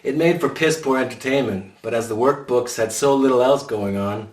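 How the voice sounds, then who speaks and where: A man's voice: medium pitch, moderate pace. A man narrating his own memoir in a dry, wry storytelling voice. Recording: roomy sound from a distant mic.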